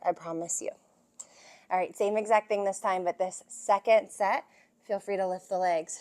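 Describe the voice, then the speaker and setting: A young woman guiding a yoga and strength workout, cueing moves and counting reps in an encouraging way, at times out of breath. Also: medium pitch. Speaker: yoga and fitness instructor. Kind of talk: guided workout instruction.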